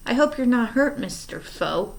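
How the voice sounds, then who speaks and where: A woman reading aloud, voicing a scheming man in disguise who speaks in a smooth, falsely polite way. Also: on the high side, lively intonation, normal speed, pitched above the performer's own voice, low-quality recording. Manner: smooth and oily, then menacing.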